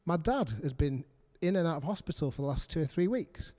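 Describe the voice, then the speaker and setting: High-voiced earnest male preacher. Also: expressive, a little fast, mellow. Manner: earnest, repetitive, asks congregation questions. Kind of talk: sermon.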